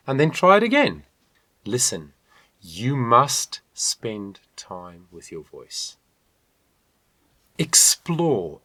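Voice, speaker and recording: Guy voice coach, lively up and down pitch, dry close sound, encouraging, hums examples. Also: dry recording. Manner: animated, encouraging, demonstrates with hums and sung lines. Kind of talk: online vocal lesson.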